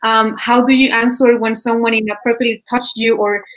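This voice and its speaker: A woman responding thoughtfully in conversation, pausing to search for words. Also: a little high, level tone, fairly bright tone, low-quality recording. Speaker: conversation partner. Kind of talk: reflective conversation. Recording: faint music underneath.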